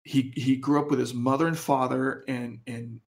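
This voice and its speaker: Average-voiced dude cohosting a podcast, kinda halting, stop-start with ums. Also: male voice, mid-range voice, level tone, vocal fry. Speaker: podcast co-host. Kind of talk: casual chat.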